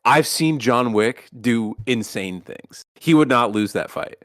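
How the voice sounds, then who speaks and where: A man co-hosting a casual podcast, his voice sitting in a middling register and sounding close and dry with no room echo. He talks in long, rambling runs full of restarts and swearing, animated and opinionated. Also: mid-range voice, measured pace. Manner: rambling, profane, animated movie rant. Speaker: podcast co-host.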